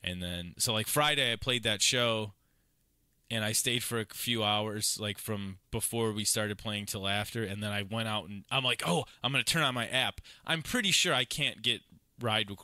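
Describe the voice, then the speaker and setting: A man's voice: fairly low pitch, moderate pace, sharp tone, dry recording, studio quality. A man from Illinois, a podcast co-host, casually telling rambling rideshare stories and acting out what people said. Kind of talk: casual chat, storytelling.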